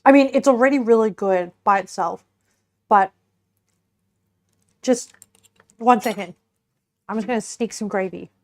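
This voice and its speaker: A woman's voice: mid-range voice, unhurried, long pauses. A young woman streamer chatting casually to her viewers while cooking and tasting a pie, giggling now and then. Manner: chatty, giggly, talks to chat while eating.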